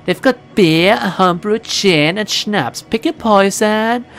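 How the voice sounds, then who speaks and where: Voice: medium pitch, measured pace, fairly bright tone, pitched above the performer's own voice. A streamer voicing a cheerful, hard-drinking young American woman shaman in a put-on Valley Girl accent while reading a game aloud. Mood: breezy. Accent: attempted American Valley Girl.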